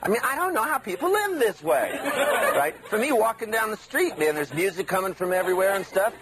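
A man giving an animated live seminar lecture, acting out the inner voices he describes. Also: high voice, brisk, creaky, heavy background noise.

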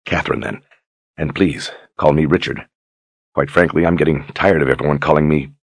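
A man's voice: very deep voice, a little fast, husky, dry recording, exaggerated voice. A man voicing a courteous, earnest young lord and war wizard in a plain, direct manner. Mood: friendly. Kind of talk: audiobook character reading.

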